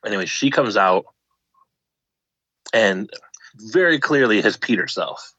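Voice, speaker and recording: A man's voice: fairly low pitch, unhurried, breathy edge, dry recording. A young man telling a funny personal story, acting out the people in it. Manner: animated, acts out voices of people in the story. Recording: dull lo-fi dry recording.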